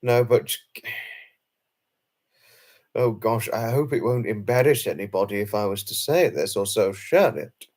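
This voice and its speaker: A man's voice: lowish voice, a little slow, pauses often, darkish tone. Chatty rambling British man hosting. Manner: chatty and rambling, with frequent fillers and self-conscious laughs. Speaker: livestream host. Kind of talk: casual live chat reading viewer comments.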